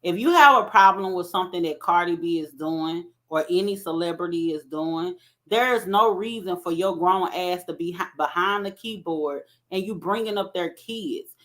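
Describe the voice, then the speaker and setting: Lower-voiced woman giving casual commentary. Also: moderate pace, fairly bright tone. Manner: conversational, keeps asking "right?". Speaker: commentary host.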